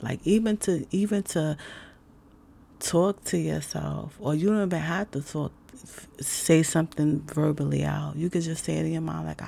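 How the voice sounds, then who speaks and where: A woman with a low, dark, deeply gravelly voice gives an unhurried self-help talk. She is casual and slangy, leans on fillers, and drops to a soft whisper when she demonstrates breathing exercises. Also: steady tone. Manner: laid-back and slangy, with many fillers.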